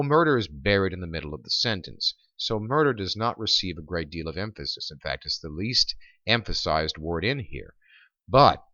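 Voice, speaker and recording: A man, a writing instructor, explaining over slides in a recorded lecture, pausing often with ums and uhs. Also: low voice, sharp tone, dry recording, highs cut off.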